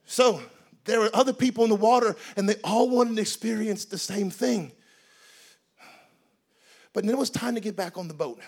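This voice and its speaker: High-voiced man preaching with comic animation. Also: normal speed, long pauses. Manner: animated, comic, with bursts of shouting. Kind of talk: storytelling sermon.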